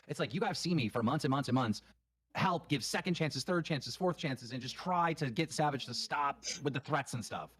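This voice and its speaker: Fast-talking blunt, profane male host. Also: on the high side, a bit bright, dry recording. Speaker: livestream show host. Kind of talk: livestream commentary.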